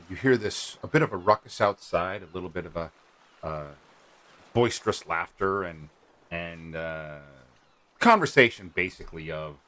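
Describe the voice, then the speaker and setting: Low-voiced male game master, rambling. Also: a bit bright. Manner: rambling, hesitant. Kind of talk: narrating a tabletop game.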